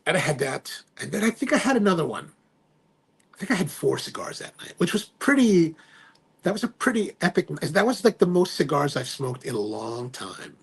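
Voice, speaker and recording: A man's voice: fairly high pitch, sing-song, moderate pace, creaky, breathy edge. A man hosting a live stream in casual chat, reading viewer comments aloud and rambling, often trailing off and restarting. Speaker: livestream host.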